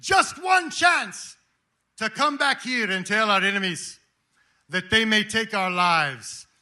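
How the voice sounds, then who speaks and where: A man's voice: high-pitched, lively intonation, slow, pitched above the performer's own voice, exaggerated voice. A man putting on William Wallace rallying troops. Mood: defiant. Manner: declaiming, shouting battle speech. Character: defiant medieval Scottish rebel leader rallying troops.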